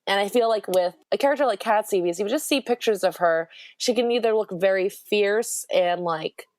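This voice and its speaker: Brief: excitable woman podcast guest, mid-pitched, rambling, dry close sound. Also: normal speed, no echo. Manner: enthusiastic, rambling, laughs often. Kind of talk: casual chat.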